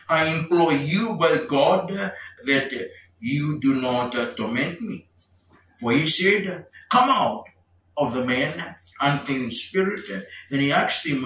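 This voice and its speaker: A man preaching a sermon and reading scripture, slow and emphatic, with frequent filler sounds. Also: a little high, bright, forceful tone, echoey room, recorded from a distance, a little hiss or hum, rough recording. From Fiji. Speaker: pastor. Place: church.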